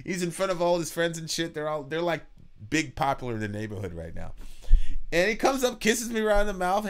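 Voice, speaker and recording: A man co-hosting a reaction show, telling a personal story in a halting, earnest way with repeated words and casual swearing. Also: on the high side, sing-song. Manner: earnest and reflective. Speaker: podcast co-host, father.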